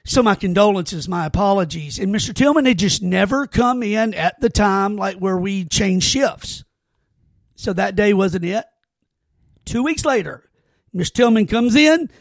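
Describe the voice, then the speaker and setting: A man's voice: sits high, vocal fry, dry recording, clean studio sound. A man hosting a podcast, telling stories in a casual, earnest way with many false starts and restarts. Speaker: podcast host. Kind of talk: casual heartfelt conversation.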